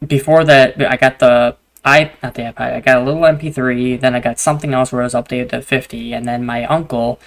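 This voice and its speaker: Young male host, mid-pitched, loose storyteller who swears freely and keeps restarting his sentences. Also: fairly even intonation, fairly quick, few pauses. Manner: rambling, swears a lot, restarts often. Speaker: gaming video host. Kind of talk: casual storytelling chat while gaming.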